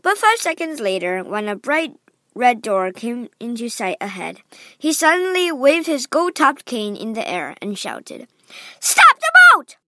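Female storyteller, high and animated, unhurried and expressive reading, dry booth-like sound. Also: dry recording. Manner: expressive, clear and deliberate. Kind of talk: reading a children's novel aloud.

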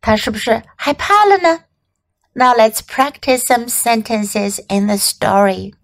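Woman, English teacher, children's story reading, slow, clear, high voice.

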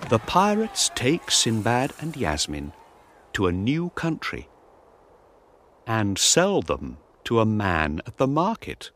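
A man narrating a storybook slowly and clearly, paced for learners. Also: lowish voice, huge pitch swings, noisy background. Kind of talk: storybook reading.

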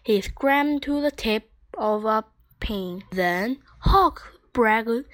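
A woman reading a children's picture book aloud in a slow, clear, gentle storytelling manner. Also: a little high, lively intonation, rough recording.

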